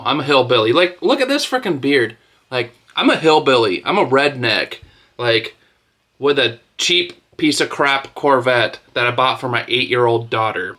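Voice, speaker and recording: Man, thirties, vlogger rant, trash-talking, profane, bright tense voice. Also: mid-range voice. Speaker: street racing vlogger. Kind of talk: ranting to camera.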